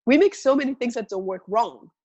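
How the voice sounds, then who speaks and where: A woman's voice: on the high side, animated, fairly quick, a little mellow, lo-fi sound. A woman speaking as a guest facilitator in a conversational video call, reflective and full of questions, acting out inner voices.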